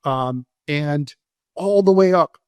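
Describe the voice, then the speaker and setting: A man's voice: a little high, slow, dry recording. A man in his forties from Moldova, a podcast guest telling a personal story with many fillers and restarts, on the edge of tears. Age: 40s. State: near tears.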